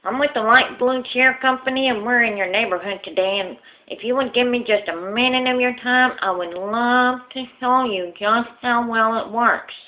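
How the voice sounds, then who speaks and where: A woman playing a high, lisping, stammering soap salesman, tinny phone-like sound. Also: moderate pace, lightly acted. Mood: eager polite. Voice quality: lisp. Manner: eager, stammering, singsong chant.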